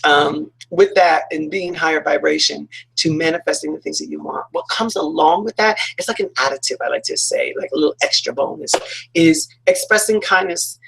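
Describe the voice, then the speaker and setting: Husky man doing a casual self-help pep talk, loose and rambly, like a radio host. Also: a little high, normal speed, fairly bright tone, poor audio. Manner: chatty, acts out quoted reactions, many fillers.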